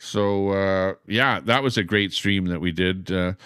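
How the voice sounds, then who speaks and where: A man hosts a laid-back livestream, drifting between topics with plenty of "uh" fillers and greeting viewers by name. His voice sits low and comes across smooth and clean. The recording is dry, with no room sound. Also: unhurried, fairly bright tone, no room sound. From Canada. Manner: rambling, with many "uh" fillers; friendly, greets chatters by name. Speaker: livestream host. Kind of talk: casual livestream chat.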